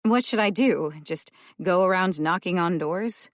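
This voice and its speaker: Woman reading an audiobook doing a sassy sarcastic young woman, bit higher, dry close sound. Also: a little slow, dry recording, natural voice. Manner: sarcastic, teasing. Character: brash quick-witted young woman. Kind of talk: audiobook character voice.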